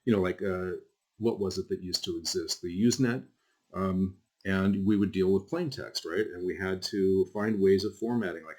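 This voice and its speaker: Man, deep low voice, college instructor, casual rambling lecture, lots of ums, keyboard clicks behind. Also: darkish tone, husky. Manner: casual, rambling, with frequent fillers and asides. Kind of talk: screen-recorded lecture.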